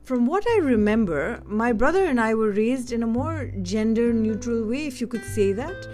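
A woman from Delhi shares personal stories in a candid, reflective way, often pausing to search for her words. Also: on the high side, animated, a little mellow, soft background music. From India (Delhi). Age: adult. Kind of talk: personal storytelling monologue.

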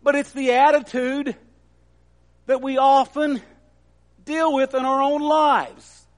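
A man's voice: very high-pitched, little pitch movement, slow. A man preaching a sermon in an earnest, emphatic way that builds at times.

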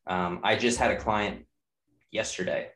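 Candid, cursing man with a low voice. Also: steady tone, measured pace, fairly bright tone. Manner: candid, profane, repeats ideas in chains. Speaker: nutrition coach and personal trainer, podcast guest. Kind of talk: casual podcast talk.

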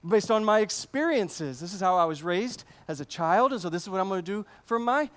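A man's voice: high voice, lively intonation, brisk, a bit bright. A man preaching a sermon to his congregation, conversational and emphatic, often repeating words as he goes. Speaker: pastor.

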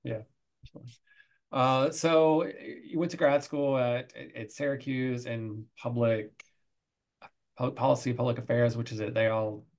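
A woman's voice: extremely low pitch, steady tone, moderate pace, darkish tone. A woman interviewer and former instructor, friendly and affirming in a casual conversation.

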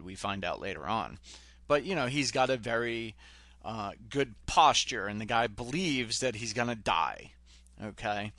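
Pushy bright-voiced male sales coach. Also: mid-range voice, dry recording. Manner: direct, pushy, retells film scenes. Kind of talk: motivational talk.

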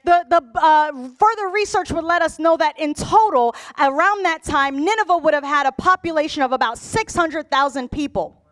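A woman preaching a sermon in an animated storytelling way, acting out the people in her stories. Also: high-pitched, moderate pace. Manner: animated, storytelling, mimics characters. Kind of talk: lively sermon with acted-out voices.

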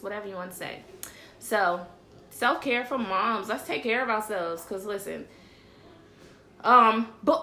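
A woman hosting a casual livestream show, chatting in an animated way and calling her audience y'all. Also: mid-range voice, slight background noise. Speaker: show host. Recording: roomy echo.

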